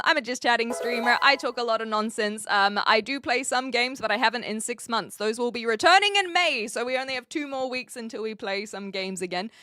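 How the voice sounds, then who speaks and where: A woman's voice: on the high side, lively intonation, normal speed, pushed and bright, no room sound, clean studio sound. A woman from New Zealand with a mixed New Zealand, Australian and American accent, chatting casually and giggly as a live streamer with lots of fillers. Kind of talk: casual chat.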